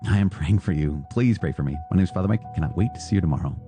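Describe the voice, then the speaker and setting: A man's voice: sits low, rapid-fire, dark tone, soft background music. A man, a priest, giving an earnest podcast reflection and repeating phrases for emphasis.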